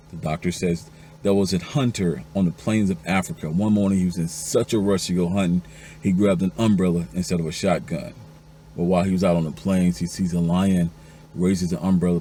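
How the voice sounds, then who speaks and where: A very deep-voiced man tells jokes one after another in a mellow, dark tone. He acts out the lines of the husbands, wives and doctors, rising to a high pitch for the women. A faint hiss of noise runs beneath the recording. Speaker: joke teller. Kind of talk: telling a string of jokes.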